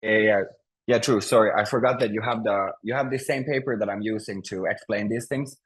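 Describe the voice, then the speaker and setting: A man teaching a language class over a video call, speaking patiently with many pauses and restarts. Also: lowish voice, steady tone, low-quality recording. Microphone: computer mic on a video call.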